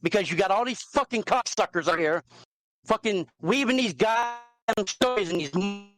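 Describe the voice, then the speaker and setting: A man's voice: high-pitched, expressive, moderate pace, a bit bright. A man hosting a live talk show, ranting angrily with constant swearing. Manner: angry, profane ranting. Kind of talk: heated live chat.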